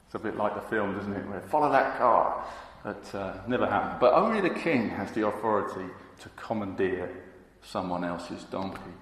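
Preacher guy, slow and emphatic, lowish voice, big echoey hall. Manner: slow and emphatic, acting out crowd quotes. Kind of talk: sermon. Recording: echoey hall with long reverb.

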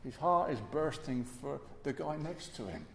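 A man's voice: on the high side, big pitch swings, measured pace, vocal fry, roomy sound, in a large hall, a little hiss or hum. A male preacher giving an earnest sermon in a church, dwelling on repeated phrases.

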